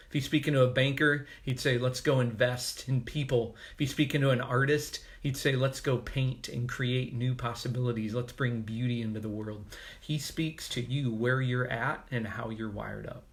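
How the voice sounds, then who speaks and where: A man preaches a short daily devotional in an easygoing, conversational way. He talks like he's chatting with friends and drops in light jokes along the way. His voice sits at an ordinary middle pitch. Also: fairly even intonation, normal speed. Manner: casual, conversational, joking asides. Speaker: pastor. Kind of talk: devotional sermon.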